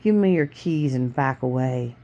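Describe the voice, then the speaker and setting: A woman doing a low, menacing mugger. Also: expressive, unhurried, gravelly, warm tone, muffled recording, exaggerated voice. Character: nervous, threatening male mugger.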